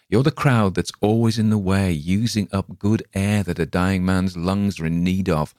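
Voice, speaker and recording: A man's voice: sits low, darkish tone, no echo, studio quality. A man voicing a badly injured, frightened man. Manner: pleading and panicked.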